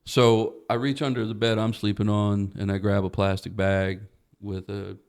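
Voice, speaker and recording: With a lowish voice and moderate pacing, a man appearing as a guest on a comedy podcast recounts a long anecdote. His storytelling is profane and lively, and he voices the other characters when quoting them.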